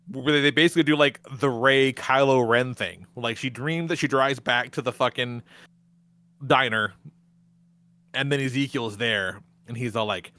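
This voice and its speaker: A man's voice: medium pitch, a bit bright, no room sound. A man hosting a podcast, retelling a movie's plot in casual chat, swearing often and laughing along the way. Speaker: podcast host.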